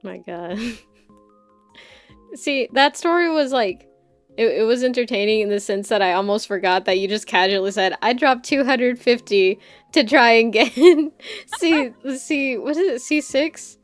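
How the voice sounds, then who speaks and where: Young woman sidekick, slow drawl, higher pitch. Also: animated, dry recording, faint music behind. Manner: slow reactive interjections, laughing. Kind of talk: casual chat.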